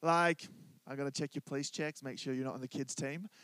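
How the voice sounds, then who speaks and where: Male pastor, relaxed joking sermon, dry close-miked voice. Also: mid-range voice, fairly quick, no room sound. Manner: conversational, joking, asks congregation to respond. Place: church.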